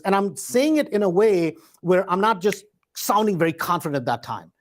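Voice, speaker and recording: A man teaching real estate investing in a loose, conversational way, often checking in with the listener with a quick "right?". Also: sits high, lively intonation. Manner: conversational, peppers points with a tag question "right?"; acts out door-knocking scripts in a hesitant, searching tone. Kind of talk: live instructional talk.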